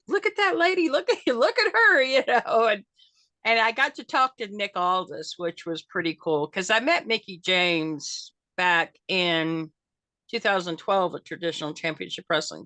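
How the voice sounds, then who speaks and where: A woman's voice: fairly low pitch, a bit bright, no room sound. An older woman chatting as an interview guest, rambling with lots of fillers and restarts. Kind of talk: casual interview chat.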